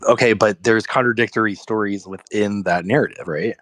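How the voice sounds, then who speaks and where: A man's voice: fairly low pitch, a little fast, a bit bright. A man arguing in a live online debate, combative and interrupting, stacking repeated words as he pushes his point.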